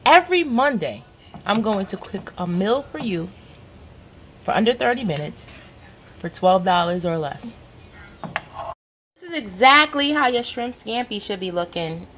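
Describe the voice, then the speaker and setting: A woman's voice: mid-range voice, expressive, a little slow, pauses often, a bit bright, slight background noise. A woman hosting her own home cooking show, talking casually and directly to viewers with playfully bossy asides.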